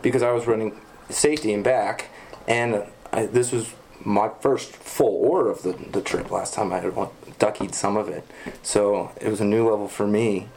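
A man who is a river guide, telling trip stories in a casual interview, animated and laughing as he relives the action. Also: lowish voice, moderate pace, creaky, slight background noise. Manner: animated, laughs and shouts when retelling action.

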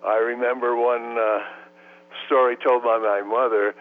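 A man's voice: mid-range voice, level tone, a little slow. A man in his eighties from the United States, recalling his life in an oral history interview, hesitant with many fillers and restarts. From United States (Los Angeles, raised in New York City). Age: 80s. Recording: tinny phone line.

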